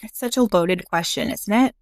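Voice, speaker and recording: A woman's voice: medium pitch, moderate pace, no room sound, studio quality. A young adult woman, a podcast guest, talking frankly about grief and laughing easily. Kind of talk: casual conversation about grief.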